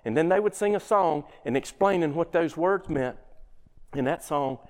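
A middle-aged man gives a motivational workplace talk in a folksy, story-driven way, often turning to the audience with questions. His voice sits a touch high and swings widely in pitch. A long hall reverb trails after his words. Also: animated, normal speed. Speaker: workshop speaker.

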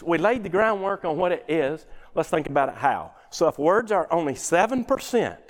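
A middle-aged man gives a motivational workplace talk in a folksy, story-driven way, often turning to the audience with questions. His voice sits a touch high and swings widely in pitch. A long hall reverb trails after his words. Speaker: workshop speaker.

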